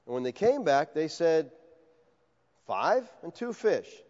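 A man preaching an expository sermon in a conversational, animated way, acting out the voices of the people he quotes. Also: fairly high pitch, slow. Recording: dull sound with long hall reverb.

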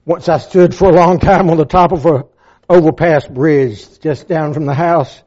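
An older man preaching a sermon, dropping to a hush and then rising to impassioned, pleading peaks. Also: a little high, steady tone, normal speed. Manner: dramatic, swinging from hushed to impassioned. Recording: dull lo-fi sound.

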